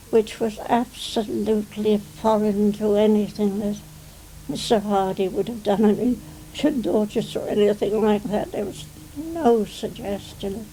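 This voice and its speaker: A woman's voice: mid-range voice, dark tone, slight background noise, poor audio. An English woman in her nineties, a retired stage actress reminiscing in a television interview, rambling and often adding "you see". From England. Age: 90s.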